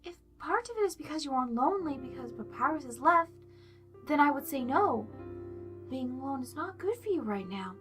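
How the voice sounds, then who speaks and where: A woman reading a fan story aloud, voicing a gentle, motherly female monster who speaks softly and formally. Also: high-pitched, expressive, normal speed, faint music behind, voice pushed up. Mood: caring. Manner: soft, formal, motherly concern.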